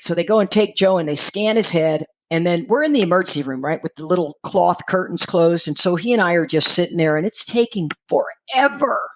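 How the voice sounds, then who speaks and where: Lively woman telling her story. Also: a little fast, hardly any pauses. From Texas. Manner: lively, acts out quoted voices with jumps in pitch, laughs often. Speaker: recovery speaker sharing her story. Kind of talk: storytelling talk.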